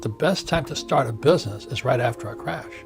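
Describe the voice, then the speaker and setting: A man's voice: medium pitch, lively intonation, fairly quick, creaky. An American man in his seventies, speaking as an author interviewed as a guest, talking bluntly and repeating words for emphasis. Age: 70s. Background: background music.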